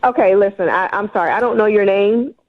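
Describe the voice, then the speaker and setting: A woman's voice: mid-range voice, brisk. A woman calling in to a radio show, indignantly retelling a bad date. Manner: indignant, animated storytelling. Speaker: caller. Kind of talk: heated radio call-in. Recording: lo-fi phone line.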